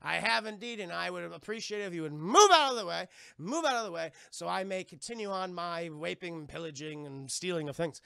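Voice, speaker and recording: A roguish, swaggering pirate captain, put on by a man retelling a film drawls his lines theatrically and calls everyone love or lad. The tone is bright and forceful with a gravelly edge. It sits close to the mic in a dry, dead room. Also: sits high, brisk, no room sound, full character voice. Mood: mock-polite.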